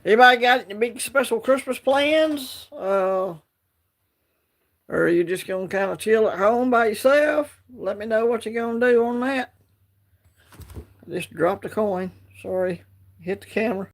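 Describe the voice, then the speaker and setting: A man's voice: high voice, moderate pace. A man with an Alabama Southern accent hosting a casual livestream, chatting in a laid-back, rambling way and greeting viewers by name. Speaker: livestream host.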